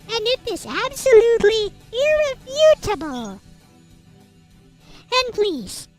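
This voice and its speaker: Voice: fairly bright tone, full character voice. A streamer voicing a smug, mocking troll while reading satirical prose aloud in a mock-solemn, sarcastic way. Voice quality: very high, squeaky put-on voice. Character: squeaky high-pitched troll, mocking and smug.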